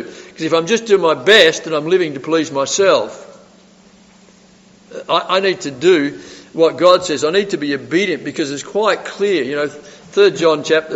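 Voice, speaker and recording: A man delivers a sermon in a fairly high voice, firing rhetorical questions at his listeners and swinging from forceful emphasis to quiet asides. His voice rings with a long reverb from a church hall. The recording sounds dull and lo-fi. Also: normal speed. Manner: asks the audience rhetorical questions, swings between loud emphasis and soft asides. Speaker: preacher.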